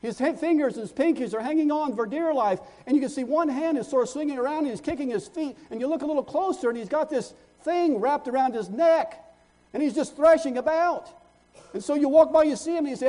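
Male pastor preaching, high warm voice, repeats words mid-thought. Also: brisk. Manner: builds in volume and pitch as stories peak; repeats words while searching for the next phrase. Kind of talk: sermon.

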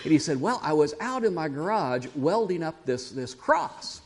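A man preaching a sermon, telling a story with animated restarts and laughing along with his listeners. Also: on the high side, normal speed. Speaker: pastor.

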